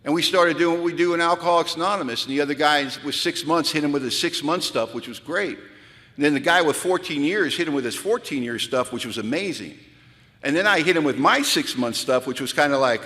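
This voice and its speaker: Man, 50s, lively storyteller at the podium; a higher, bright voice carried by hall reverb. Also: fairly quick. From Pacific Northwest of the US. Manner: animated, acts out dialogue, drops low for his own past self. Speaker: recovery retreat speaker. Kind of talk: storytelling talk to a live audience. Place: large hall.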